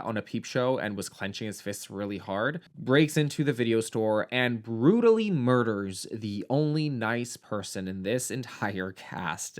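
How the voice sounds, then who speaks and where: A man giving a casual, sarcastic movie review, campy and swearing freely as he retells the plot. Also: medium pitch.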